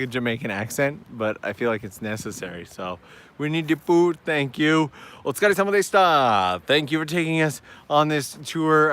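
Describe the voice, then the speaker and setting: A man's voice: mid-range voice, a bit bright. A man hosting a casual walking live stream outdoors, upbeat and chatty as he talks to viewers while climbing hillside steps.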